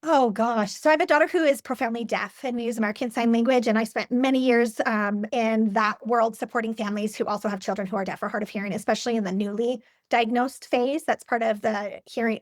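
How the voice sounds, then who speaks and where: A woman's voice: fairly high pitch, fairly even intonation, a little fast, no echo, clean studio sound. A woman in her forties shares her experience as a guest in an interview, speaking earnestly and reflectively with frequent fillers and restarts. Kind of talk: personal interview conversation.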